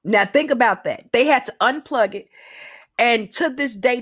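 A woman's voice: fairly high pitch, normal speed, a bit bright, slightly rough, no echo, clean studio sound. A woman hosting her own solo podcast, talking casually and emphatically to her listeners with slang and direct asides. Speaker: podcast host.

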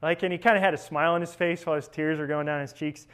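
A man's voice: a little high, fairly even intonation, fast talker, a bit bright. A young man, a seminarian, giving a conversational spiritual reflection, telling stories and often checking in with tag questions. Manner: storytelling, with frequent tag questions.

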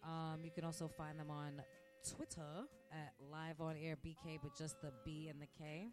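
A woman's voice: low voice, level tone, normal speed. A woman hosting a podcast in a casual, rambling rant, recorded in a restaurant where she works. She acts out quoted voices and laughs often. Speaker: podcast host. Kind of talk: casual ranting monologue. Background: faint music.

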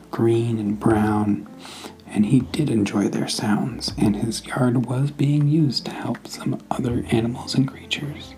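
Slow, whispery bedtime storyteller man. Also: medium pitch, rough recording. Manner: slow, hushed, half-whispered. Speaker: podcast host.

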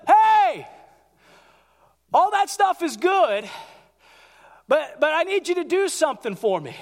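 A man preaching a sermon as pastor, animated, acting out quotes in a raised voice. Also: very high voice. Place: large church hall. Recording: church hall with long reverb.

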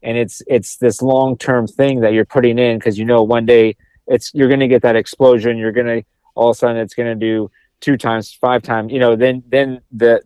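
A man co-hosting a podcast talks in a rambling way, stumbling over repeated words. His voice is dark and mellow. The recording is close and dry. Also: mid-range voice, no room sound. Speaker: podcast co-host. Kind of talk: casual podcast chat.

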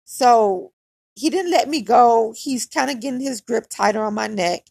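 A woman with a gravelly, husky voice tells a personal story in a frank, loose, conversational way, full of "like". Her voice is mid-pitched and recorded close and dry. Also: normal speed, darkish tone, dry recording. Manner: candid and conversational, heavy use of "like". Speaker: podcaster.

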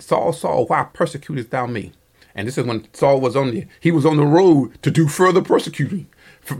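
A male pastor delivers a Bible-study sermon in a gravelly, husky voice. He stumbles through fillers and corrects himself often, and he presses harder and more earnestly when he urges his listeners on. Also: medium pitch. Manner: halting delivery, frequent fillers and self-corrections; earnest, rising emphasis on exhortations.

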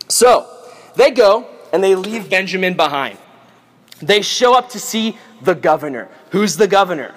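Brief: male preacher, animated and joking, storytelling with a high voice. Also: normal speed. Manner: animated, playful, jokey. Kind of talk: lively Bible storytelling.

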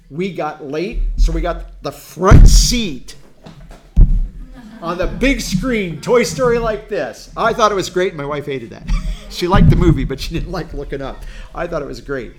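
A man's voice: fairly high pitch, animated, moderate pace, soft background music. A middle-aged man teaching a Bible study in an earnest, folksy way, with storytelling asides to his class.

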